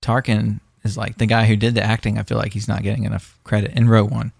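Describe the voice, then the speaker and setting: A podcast co-host talks in casual chat, rambling with lots of fillers and restarts. His fairly low, creaky, darkish voice shows little pitch movement and he talks fast, captured in a dry recording of studio quality.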